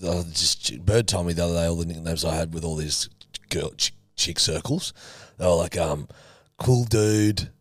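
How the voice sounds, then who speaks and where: A young adult man, co-hosting a casual podcast with rambling stories and deadpan jokes. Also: deep voice, moderate pace, dry recording. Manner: joking, rambling, deadpan quips. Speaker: podcast co-host. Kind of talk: casual chat.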